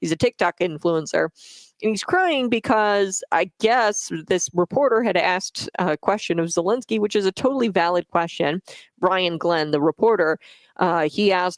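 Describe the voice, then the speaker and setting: A woman's voice: on the low side, normal speed, no echo. A woman hosting a talk radio show, giving blunt, opinionated commentary with frequent fillers and restarts, on a studio microphone.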